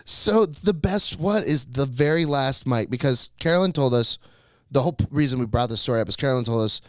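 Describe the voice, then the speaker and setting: A man co-hosting a podcast, telling a story in a casual and animated way, swearing a lot and putting on other people's voices in quotes. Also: mid-range voice, brisk, no room sound. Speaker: podcast co-host.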